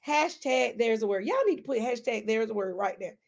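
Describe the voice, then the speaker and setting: A woman preacher giving a conversational sermon, emphatic and talking straight to her listeners, swinging between loud emphasis and quiet asides. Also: fairly high pitch, lively intonation, brisk, creaky. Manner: emphatic, addresses listeners directly.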